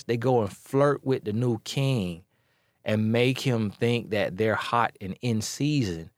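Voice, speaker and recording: A man giving blunt relationship advice in a casual talk, telling animated stories with playful voice imitations and repeating phrases for emphasis. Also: mid-range voice, dry recording, clean studio sound.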